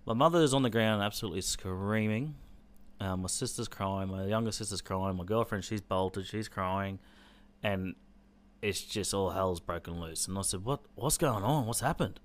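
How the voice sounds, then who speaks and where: A man's voice: deep voice, steady tone, moderate pace. An Australian man telling a personal story in an intense, blunt way, swearing freely.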